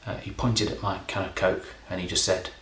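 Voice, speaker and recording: A middle-aged man from England, a comedy magician, rambling through a deadpan, self-deprecating monologue. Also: deep voice, brisk, roomy sound, a little hiss or hum.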